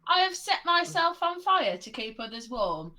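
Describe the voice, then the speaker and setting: A woman co-hosting a casual online chat, speaking slowly and deliberately. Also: high voice, sing-song, pushed and bright. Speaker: podcast co-host.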